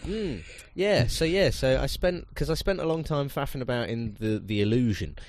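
A man, co-hosting a casual podcast chat with an animated, swearing, self-mocking manner. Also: mid-range voice, moderate pace. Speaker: podcast co-host.

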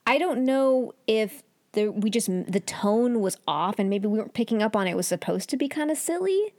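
A woman's voice: fairly quick, no echo. A woman co-hosting a podcast, chatting casually about a book and acting out characters with big swings and laughs. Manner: animated, acts out characters with big pitch jumps and laughs. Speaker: podcast co-host. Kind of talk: casual book-review chat.

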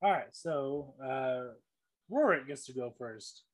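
A man's voice: mid-range voice, expressive, slow. A man running a tabletop game as dungeon master, narrating with easy laughs.

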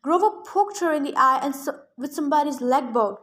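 A woman reading a novel aloud in first person, with steady storytelling. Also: sits high, a little fast. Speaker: reader.

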